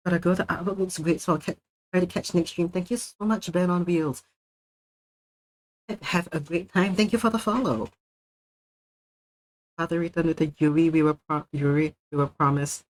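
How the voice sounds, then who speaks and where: A man's voice: high-pitched, moderate pace. Man, streamer, casual chat, playful and jokey, laughs a lot, talks between bites. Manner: speaking between bites of food.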